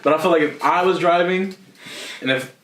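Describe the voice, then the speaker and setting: Young male co-host, higher voice, lively storyteller who acts out every quote, echoey room. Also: brisk, distant mic. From Philadelphia area. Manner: animated storytelling, acts out quotes, laughs a lot. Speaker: podcast co-host. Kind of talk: casual chat.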